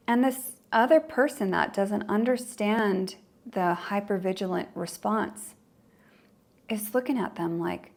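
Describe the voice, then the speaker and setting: A woman's voice: medium pitch, lively intonation, slow, a little mellow. A woman trauma coach hosting a podcast, explaining ideas conversationally and acting out quoted inner voices.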